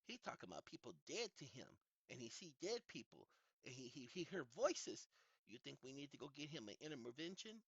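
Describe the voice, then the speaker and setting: A man's voice: mid-range voice, big pitch swings, brisk, husky, dry recording, voice pushed down. A man putting on the voice of a worried relative who gossips to their mother about him behind his back. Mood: gossiping. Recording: dull lo-fi recording.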